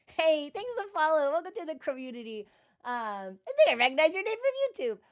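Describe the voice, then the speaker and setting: A woman streamer in casual chat, animated and chatty, with frequent filler words. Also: high voice, quick pace.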